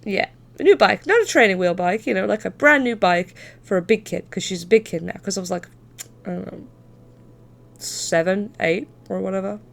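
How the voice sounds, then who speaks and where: A woman's voice: medium pitch, moderate pace, vocal fry. A young adult woman streamer telling a story in casual chat, swearing freely and laughing as she talks. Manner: chatty, swears, laughs through her story.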